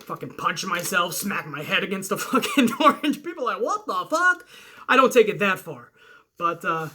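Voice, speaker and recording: A young man hosting a casual wrestling Q&A, swearing freely and rambling in an animated, hyped way. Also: sits high, brisk, husky. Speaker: wrestling commentary host. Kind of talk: casual Q&A livestream chat.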